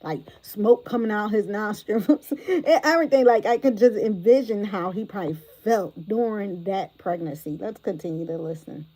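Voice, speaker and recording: A woman hosting a livestream reaction commentary, animated and exclamatory, talking straight to her viewers from a phone or tablet. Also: mid-range voice, moderate pace, hardly any pauses, low-quality recording. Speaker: commentary host.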